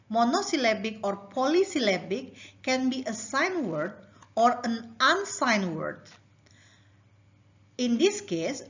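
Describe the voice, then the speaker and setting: A woman from Indonesia, giving a recorded linguistics lecture in a measured way, reading out example words one by one. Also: a little high. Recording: dull lo-fi recording.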